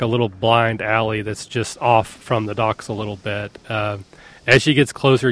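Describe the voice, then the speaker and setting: A man describing his character's actions in a tabletop game, relaxed and casual with fillers. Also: on the low side. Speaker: player.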